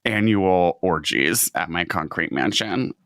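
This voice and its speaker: Lively, bright-voiced male podcast co-host. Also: low voice, measured pace, no room sound, clean studio sound. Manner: playful, riffing, lots of fillers. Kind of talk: casual comedic chat.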